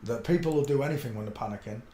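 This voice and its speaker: A man talks his way through a solo livestream, mostly muttering low to himself. Now and then he breaks into loud, excited outbursts. He is blunt and crude, and the sound carries the echo of a roomy room with a faint hum underneath. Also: rapid-fire. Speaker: livestream host. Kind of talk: rambling solo livestream commentary.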